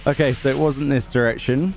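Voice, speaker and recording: A man giving casual let's play commentary, grumbling and sarcastic as he plays. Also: medium pitch. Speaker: gaming YouTuber. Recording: game music playing under the voice. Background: game music.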